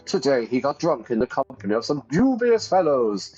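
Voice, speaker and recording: A man's voice: medium pitch, big pitch swings, normal speed, a little mellow, slightly rough, highs cut off, pitched above the performer's own voice. A man voicing an arrogant young nobleman, pompous and indignant, while reading a game aloud. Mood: haughty.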